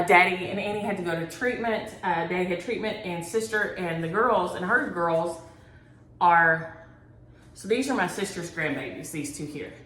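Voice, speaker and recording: A middle-aged woman hosting a cross-stitch vlog, chatting at home in a folksy, storytelling way and calling viewers "y'all". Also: fairly low pitch. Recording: roomy home recording.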